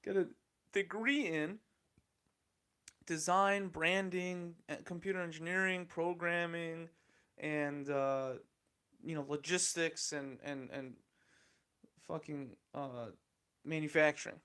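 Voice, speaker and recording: Gravelly, blunt, profane male podcaster. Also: fairly high pitch, a bit bright. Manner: blunt, profane, opinionated, rambling with restarts. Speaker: podcast host. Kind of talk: casual solo podcast commentary.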